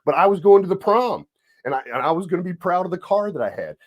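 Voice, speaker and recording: A man's voice: fast, highs cut off. A middle-aged man hosting a podcast, telling personal stories in casual conversation. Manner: animated storytelling with swooping pitch. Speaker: podcast host.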